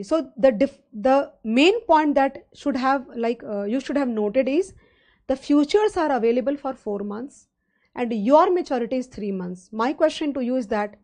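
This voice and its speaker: Mellow-voiced Indian woman lecturing. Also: high-pitched, expressive, normal speed. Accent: Indian English. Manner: conversational, rambling teaching with fillers and rhetorical questions. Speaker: finance lecturer. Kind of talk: live online lecture.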